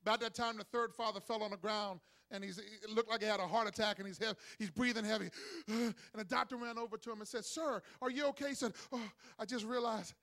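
High-voiced energetic man preaching. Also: fast talker, hardly any pauses. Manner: energetic preacher calling for congregation responses; acts out voices in a joke with rising excitement. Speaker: pastor. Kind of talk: sermon. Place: church.

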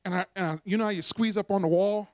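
Talking fast in a high voice, this pastor delivers a sermon, calling on the congregation to echo his words and spinning lively stories with laughter. The sound is dry.

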